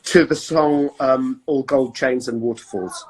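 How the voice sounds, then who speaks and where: A man's voice: mid-range voice, unhurried, breathy edge, poor audio. A man and actor, chatting casually and rambling on a live video call, often restarting his sentences. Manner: rambling, self-interrupting, chatty. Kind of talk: casual chat.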